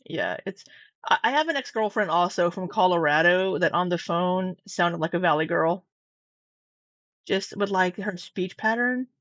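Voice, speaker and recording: A woman's voice: fairly low pitch, animated, normal speed, a bit bright, dry recording. A middle-aged woman doing casual reaction commentary, teasing, sarcastic and freely profane. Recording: dull, dry, slightly lo-fi sound.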